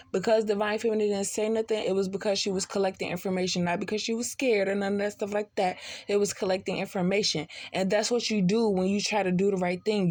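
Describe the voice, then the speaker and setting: A woman's voice: medium pitch, a little mellow, no echo. A tipsy woman giving a casual spiritual reading, blunt and profane, full of streetwise slang. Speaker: tarot reader.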